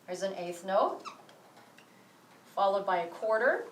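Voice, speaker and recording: A woman's voice: mid-range voice, expressive, measured pace, a little hiss or hum. A woman teaching a music rhythm lesson, explaining step by step and counting beats aloud. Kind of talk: rhythm tutorial. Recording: roomy echo, voice from some distance.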